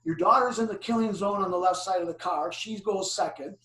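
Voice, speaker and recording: An older man presenting driver safety, telling animated stories and putting questions to his audience. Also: high-pitched, fairly quick. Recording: echoey room, distant mic.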